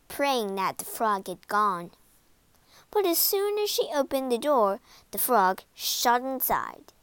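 A woman reading a children's storybook aloud in an expressive, lively way, voicing all the characters herself. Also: high-pitched, smooth, no echo. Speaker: storybook narrator. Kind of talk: storybook read-aloud narration.

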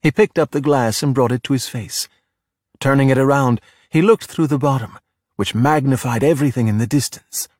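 Man, middle-aged, storybook narration, husky tone, dry close sound. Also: mid-range voice, normal speed, no room sound. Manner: steady, plain storytelling. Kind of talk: storybook read-aloud.

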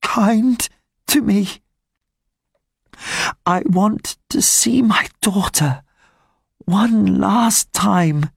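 A man voicing a young, desperate woman in an audiobook, pleading in a high, breathless voice. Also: very slow, gravelly, long pauses, breathy edge, no echo, studio quality, full character voice. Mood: weak, tender. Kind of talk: graded-reader audiobook.

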